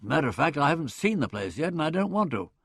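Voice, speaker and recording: A man voicing a brash, hearty young Englishman in an audiobook, chatty and blustering, with loud laughs. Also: a little high, big pitch swings, fast, gravelly, slightly rough, no room sound, clean studio sound, exaggerated voice. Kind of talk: audiobook character voice.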